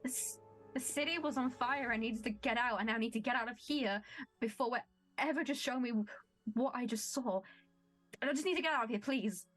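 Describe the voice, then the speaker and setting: A woman voicing a frightened young female violinist who pleads in a shaky, halting voice. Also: fairly high pitch, fairly bright tone, faint music behind. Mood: pleading.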